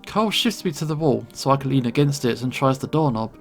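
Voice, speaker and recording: A man narrating a first-person game story in a tense, steady reading over soft background music. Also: mid-range voice, fairly quick, hardly any pauses. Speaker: gamer reading a visual novel.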